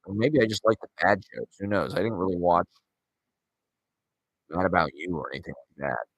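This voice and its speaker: A man's voice: deep voice, lively intonation, fairly quick, dry recording, low-quality recording. A man in his forties rambling and ranting sarcastically and profanely as he hosts his show solo. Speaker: podcast host. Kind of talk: solo casual rant.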